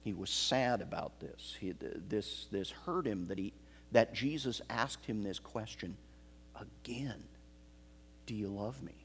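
A man preaching an expository sermon, slow and emphatic, repeating key phrases. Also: lowish voice, a little hiss or hum. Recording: long hall reverb.

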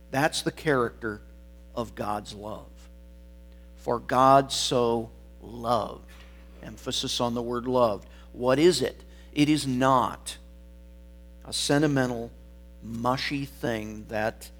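Slow, deliberate male preacher. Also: medium pitch. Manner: deliberate, stressing single words; emphatic, drops to quiet phrase endings. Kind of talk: sermon.

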